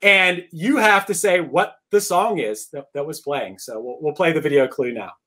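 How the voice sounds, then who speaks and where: High, bright-voiced male quiz host. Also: normal speed. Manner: lively, stumbles and restarts, laughs between answers. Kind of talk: live podcast trivia hosting.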